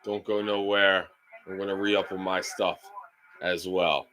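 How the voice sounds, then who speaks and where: A man's voice: lowish voice, steady tone, moderate pace, a bit bright. Ranting, swearing male sports streamer. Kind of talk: live-stream game reaction.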